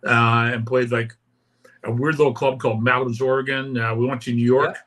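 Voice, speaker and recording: A man's voice: medium pitch, little pitch movement, moderate pace, a bit bright. A man in his sixties from Canada, telling rambling anecdotes in a casual interview and often tagging his lines with "right?". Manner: rambling anecdotes with many "right?" tags and acted-out quotes. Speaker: interview guest, punk musician.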